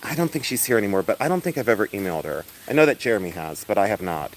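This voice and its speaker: A loud, flamboyant man hosting a casual livestream outdoors, chatting with viewers and laughing often as he shows off his finds. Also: lowish voice, expressive, rapid-fire. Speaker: livestream host selling and showing jewelry. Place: outdoors in the sun.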